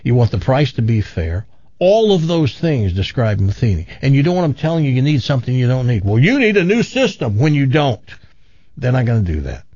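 A man's voice: mid-range voice, very animated, fairly quick, mellow, no room sound, dull audio. A man hosting a talk radio show, chatting casually, reading live ads in a rambling way and telling jokes.

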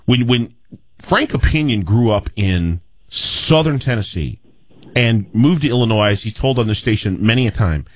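A man's voice: lowish voice, animated, normal speed, no room sound. A man hosting a casual radio talk show, rambling and repeating words as he talks. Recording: dull lo-fi audio.

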